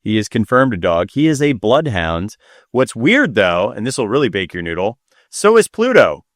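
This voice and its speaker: A man's voice: lowish voice, very animated, moderate pace, dry recording, clean studio sound. A man co-hosting a casual podcast, playful and joking. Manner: playful, jokes and does silly voices. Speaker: co-host.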